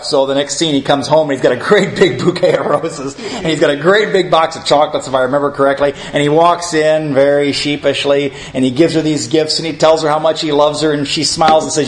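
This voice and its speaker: Middle-aged male preacher, slightly high-pitched, chatty storytelling sermon building to emphatic points. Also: steady tone, brisk, background noise. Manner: conversational storytelling preacher, rising to emphatic lists. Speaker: pastor.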